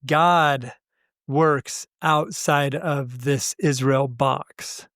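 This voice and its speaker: A man co-hosting a podcast, talking through spiritual ideas in a thoughtful, unhurried way with frequent pauses. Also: medium pitch, fairly even intonation, fairly bright tone, dry recording, clean studio sound. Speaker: podcast co-host. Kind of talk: reflective spiritual conversation.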